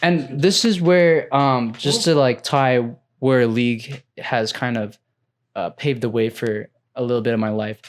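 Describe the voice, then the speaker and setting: A man's voice: medium pitch, a little slow. A young man co-hosting a gaming podcast, chatting casually with lots of "like" and "bro". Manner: relaxed, full of "like" and "bro". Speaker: podcast co-host. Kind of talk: casual chat.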